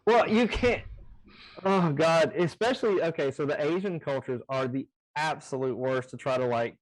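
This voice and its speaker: A man in casual chat about running tabletop games, talking in an animated, rambling way with plenty of swearing, on a video call. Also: fairly high pitch, normal speed, low-quality recording. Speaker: game master. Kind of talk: casual chat between game masters.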